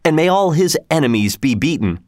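Man doing cheerful outlaw leader, storybook, jaunty, mocking, higher voice, dry close sound. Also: expressive, unhurried, no echo, lightly acted. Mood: proud. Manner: jaunty, mocking, raised pitch. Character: bold cheerful male outlaw leader, proud. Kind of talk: storybook reading.

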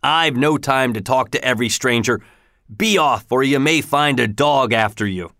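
A man voicing a fierce, gruff elderly horse trainer who blusters and then pleads, in a dry-sounding recording. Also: medium pitch, normal speed, pushed and bright, dry recording, lightly acted. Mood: blustering.

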